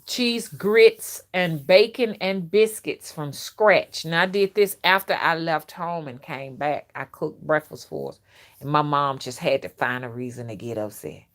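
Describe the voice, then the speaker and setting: A middle-aged woman, chatting and telling childhood stories to a live chat on her phone, outspoken and animated. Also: fairly low pitch. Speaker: livestream host and rootworker. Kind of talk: casual storytelling to a live chat.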